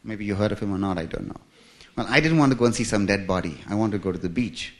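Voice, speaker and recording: In a church, a fast-talking man from India with a voice on the low side shares his life story, full of humour, self-mocking jokes and chuckles.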